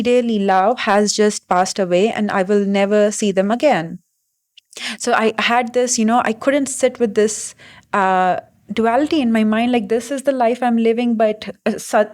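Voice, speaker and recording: A young adult woman talking through her thoughts in a reflective vlog monologue, halting and full of fillers and restarts. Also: on the high side, darkish tone. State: briefly emotional. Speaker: vlogger.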